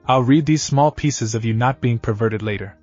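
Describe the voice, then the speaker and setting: A man's voice: mid-range voice, moderate pace, darkish tone, soft background music, lightly acted. Cocky boy ninja apprentice, snappy and grumbly, voiced by a male narrator in his own voice. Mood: grumbling. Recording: dull lo-fi audio.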